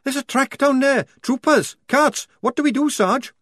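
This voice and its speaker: A man performs a small, frightened young woman soldier in an audiobook, his voice pushed very high. She speaks breathless and alarmed, with wide swings of pitch, in a dry recording. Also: sing-song, a little slow, a bit bright, dry recording, heavily acted.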